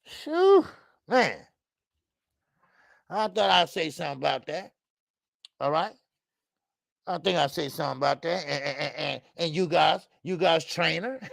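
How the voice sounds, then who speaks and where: A man hosting a casual boxing talk stream, animated and profane, rambling through stories, laughing and answering the chat. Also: a little high, creaky, dry recording, clean studio sound. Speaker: boxing talk show host. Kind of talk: casual live-stream commentary.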